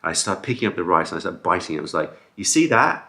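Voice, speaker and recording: A man's voice: low-pitched, very fast. A man vlogging in a casual storytelling style, rambling through anecdotes with fillers and restarts, acting out the people in them. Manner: acts out quoted people with raised animated voice.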